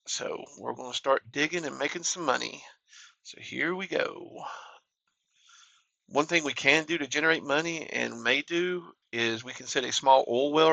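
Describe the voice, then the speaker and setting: A man narrates his game session in a laid-back, plain way. His voice has a gravelly edge and a bright, forward tone. The recording is close and dry, with no room sound. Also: mid-range voice, dry recording. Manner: relaxed, plain-spoken walkthrough talk. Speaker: gaming channel host. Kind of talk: casual game commentary.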